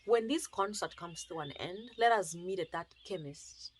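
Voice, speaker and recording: A woman with a Kenyan accent, telling an animated, emotional personal testimony and acting out the dialogue. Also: fairly low pitch, normal speed, slight background noise. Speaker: storyteller.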